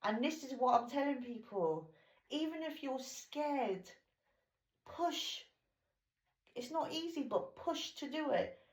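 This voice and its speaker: A talkative woman in her forties tells her story in a relaxed podcast chat. Her voice sits a touch high. The room adds a noticeable echo. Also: slow, long pauses. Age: 40s. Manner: chatty, animated storyteller. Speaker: podcast host. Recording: roomy echo.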